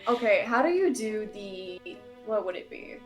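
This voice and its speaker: A woman's voice: medium pitch, sing-song, moderate pace, faint music behind. A young woman joking playfully with a friend while playing a video game. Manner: playful, giggly. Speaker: game co-player. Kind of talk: casual let's-play chat with a friend.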